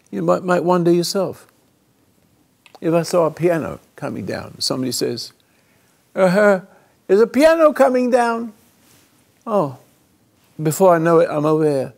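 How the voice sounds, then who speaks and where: A man hosting a call-in radio show, telling a story dramatically and swinging between loud and hushed, halting and restarting mid-phrase. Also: a little high, gravelly.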